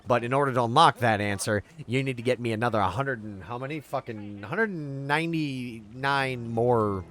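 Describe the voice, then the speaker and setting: A man's voice: medium pitch, fast talker, fairly bright tone, a little hiss or hum. A man chatting casually on a game livestream, playful and rambling, swearing freely as he talks to his chat. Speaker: streamer.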